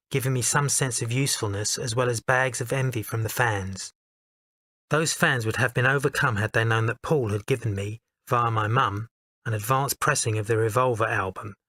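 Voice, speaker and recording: A man's voice: mid-range voice, bright, forceful tone, no room sound. Man reading his memoir, dry and close. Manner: measured, heartfelt, candid. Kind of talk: audiobook memoir narration.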